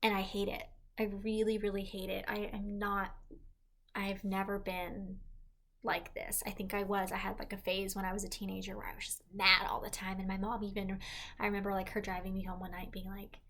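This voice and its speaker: A woman's voice: mid-range voice, completely flat delivery, a little fast, vocal fry, fairly bright tone. A pregnant young woman talking casually to camera, rambling and full of "like" fillers as she restarts her sentences. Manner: rambling, heavy use of "like", self-correcting. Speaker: pregnancy vlogger. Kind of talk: casual confessional vlog.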